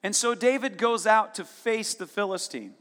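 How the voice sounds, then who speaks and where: A man preaching a sermon, retelling a story in a casual, lively way and voicing its characters with sudden bursts of intensity. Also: high voice. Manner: storytelling with casual asides and quick dramatic voicing. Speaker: pastor. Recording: long reverb of a large hall.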